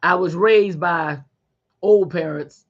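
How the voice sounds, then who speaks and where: A middle-aged woman hosting a podcast, giving a faith-based motivational talk in a folksy, animated way and calling listeners honey. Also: lowish voice, slow, muffled recording. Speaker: podcast host.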